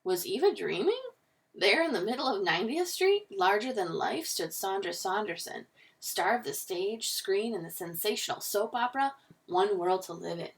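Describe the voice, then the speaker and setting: A woman teacher reads a picture book aloud with lively, expressive storytelling. Her voice sits a little back from the mic. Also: medium pitch, normal speed, distant mic.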